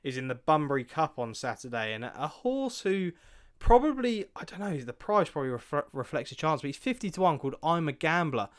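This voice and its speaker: A man's voice: on the high side, very animated, fairly quick, smooth. A man co-hosting a racing tips show, talking casually with frequent ums and restarts. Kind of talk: casual chat.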